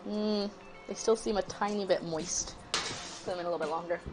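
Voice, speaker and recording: A woman's voice: medium pitch, steady tone, normal speed, music in the background. A woman hosting a cooking livestream, chatting casually and rambling, laughing easily as she greets her chat.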